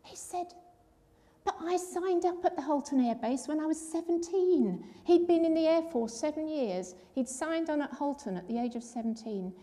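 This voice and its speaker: High-voiced older woman telling a testimony. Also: animated, moderate pace, dark tone. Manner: earnest storytelling, acts out quoted voices. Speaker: church speaker giving a testimony. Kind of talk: personal testimony.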